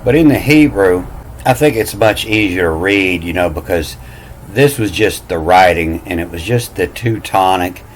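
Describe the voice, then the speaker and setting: Here the low-voiced, self-styled language teacher explains things in a wandering monologue at a moderate pace, spelling letters aloud and repeating words with plenty of "you know"s. The recording is rough, with a little hiss or hum.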